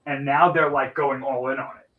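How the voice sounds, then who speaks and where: A man casually discussing a movie on a podcast, with a measured manner and frequent restarts. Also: medium pitch, flat delivery, narrow, tinny audio. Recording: distant from the mic.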